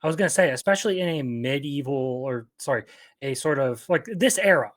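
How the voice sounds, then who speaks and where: A man with a mid-range voice joins a casual commentary chat. He talks in a halting way, often restarting his sentences while he looks for the right word. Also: medium pitch, expressive, a crowd in the background. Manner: hesitant, restarts and searches for words.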